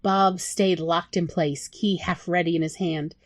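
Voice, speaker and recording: A woman narrating her own story in a soft, emotional audiobook style. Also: lowish voice, fairly even intonation, unhurried, no echo. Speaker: author reading own story.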